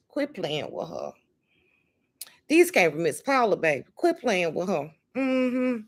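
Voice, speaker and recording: A woman's voice: on the low side, sing-song, a little slow. A woman hosting a casual livestream, talking emphatically and calling her viewers honey and baby. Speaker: livestream host.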